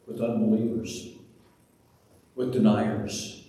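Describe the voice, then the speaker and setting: Speaking slowly and deliberately, a pastor delivers a sermon, dramatically retelling scenes in a medium-pitched, dark voice. The mic was placed well away from him, so his voice carries through a long, reverberant church hall with faint room ambience behind.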